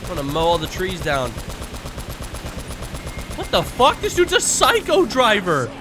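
Excitable, profane game commentator man. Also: high-pitched, measured pace, noisy background. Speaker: let's play host. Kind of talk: gameplay commentary. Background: game music and gunfire.

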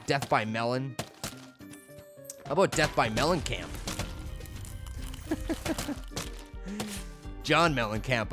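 A goofy young man rambles through casual let's-play commentary, cracking jokes and teasing himself. His voice is bright and forceful, pitched a touch high. Game music plays faintly underneath. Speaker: gaming YouTuber.

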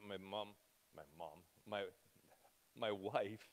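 A man's voice: fairly low pitch, takes it slowly. Rambling, emotional man preaching. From Canada. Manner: rambling, self-interrupting, emotional. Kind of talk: informal church talk.

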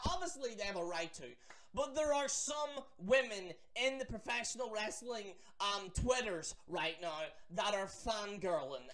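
A man's voice: high voice, noisy background. Ranting, profane man vlogger. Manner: animated, profane, mocking, quick asides. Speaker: wrestling vlogger. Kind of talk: ranting commentary.

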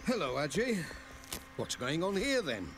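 A man's voice: on the high side, big pitch swings, unhurried, background noise. An actor voicing a cheerful, kindly village postman in a children's cartoon, chirpy and reassuring, with music playing behind.

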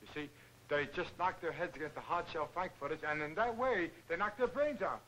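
An actor playing a cheerful, dim-witted boxer who rambles earnest slangy nonsense, in 1940s film comedy acting. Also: male voice, fairly high pitch, a little fast, pushed and bright, slight background noise, rough recording.

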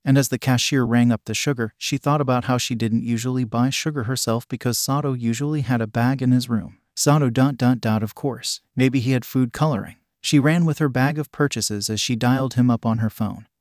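A man narrating a fan story in an even, steady reading voice. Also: mid-range voice, a little fast, no room sound, studio quality.

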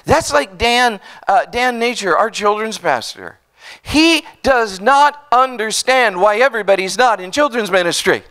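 A man preaching a sermon as pastor, telling stories with lively call-outs to the congregation. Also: high voice, measured pace. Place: church.

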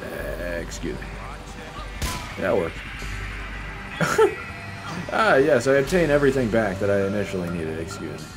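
A man's voice: low-pitched, big pitch swings, measured pace, long pauses. Sarcastic, swearing man over game music. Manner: sarcastic, swears often, mock-polite asides. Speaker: gaming YouTuber. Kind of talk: casual gameplay commentary.

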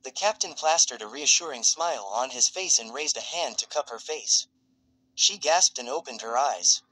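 Bright-voiced man reading a story. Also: mid-range voice, animated, normal speed, low-quality recording. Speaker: narrator. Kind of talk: fan fiction read aloud.

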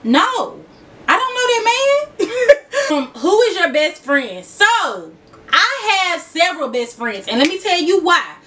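Casting: young woman, Memphis Southern accent, high voice, a bit off-mic. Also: big pitch swings, unhurried, a bit bright, far from the mic. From Memphis, Tennessee. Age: 20s. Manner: chatty, laughing, addresses viewers as y'all. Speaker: YouTuber. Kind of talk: casual vlog chat.

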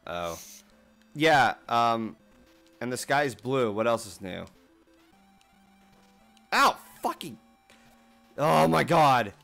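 A man's voice: mid-range voice, expressive, takes it slowly, creaky, a bit bright, soft background music. A young man streaming games in casual chat, swearing at the game and mocking himself.

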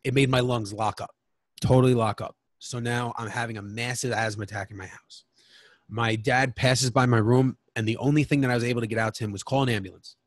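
A man's voice: mid-range voice, steady tone, fairly quick, no room sound. A man as a podcast guest, telling a candid personal story in a frank, emotional way and swearing freely.

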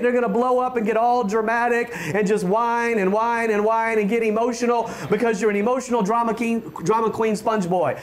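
A man preaching a fervent sermon as pastor, often stammering on restarts and building to shouts. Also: very high-pitched, fairly even intonation, brisk, few pauses.

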